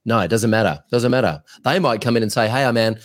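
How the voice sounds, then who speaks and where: A man co-hosting a podcast, giving business coaching advice in an energetic, blunt, rambling way. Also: medium pitch, quick pace.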